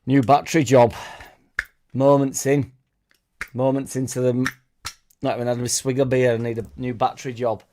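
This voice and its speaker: A man running a casual livestream, his voice soft and mellow without edge, sitting in the middle of the male range. He rambles easily from one thought to the next and reads out viewers' comments with a shrug of self-deprecating humor. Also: mid-range voice, flat delivery, fairly quick, long pauses, a little hiss or hum. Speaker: fan channel host. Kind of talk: casual live-stream chat.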